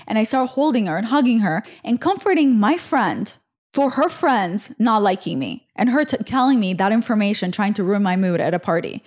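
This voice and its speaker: A woman's voice: medium pitch, moderate pace. Young woman host rambling through a story, chatty, lots of likes. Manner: chatty, animated retelling with fillers. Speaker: podcast host. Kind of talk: casual storytelling.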